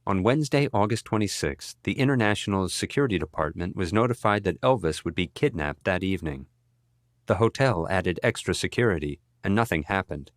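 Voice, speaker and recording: Male audiobook narrator, low voice, dry close sound, measured read. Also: expressive, no room sound. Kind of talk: scripted narration.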